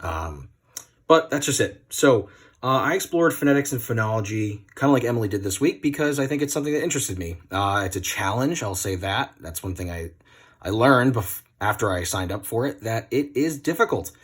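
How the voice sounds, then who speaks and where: A man's voice: lowish voice, lively intonation, brisk, fairly bright tone, slightly rough. A man from New England giving a class presentation into his phone, hesitant and apologetic with many ums. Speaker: student presenter.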